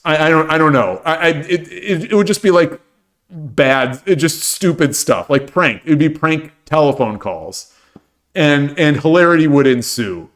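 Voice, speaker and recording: A man's voice: fairly high pitch, lively intonation, normal speed, a bit bright. A middle-aged man from the Midwest, rambling through casual chat with viewers on his livestream and often restarting and repeating phrases. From American Midwest. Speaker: livestream host.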